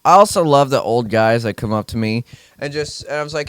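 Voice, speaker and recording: A man's voice: medium pitch, fairly quick, fairly bright tone, clean tone, no echo, clean studio sound. Young man ranting profanely. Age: young adult. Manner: profane, sarcastic, rambling. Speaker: grocery store worker venting. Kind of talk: casual rant to camera.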